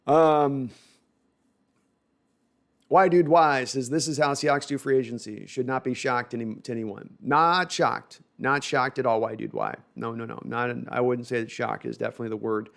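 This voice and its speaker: A man with a gravelly, mid-range voice hosts a casual live sports talk stream. He rambles through viewer comments with self-deprecating asides and keeps restarting his sentences. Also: mid-range voice, fairly quick, hardly any pauses, fairly bright tone. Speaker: host reading viewer comments.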